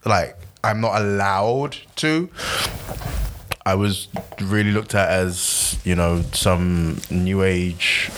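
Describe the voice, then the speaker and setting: A man's voice: deep voice, a bit bright, a little hiss or hum. A man telling personal stories about grief in a casual, earnest talk. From Nigerian family. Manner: earnest, personal storytelling, quick bursts. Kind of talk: casual chat.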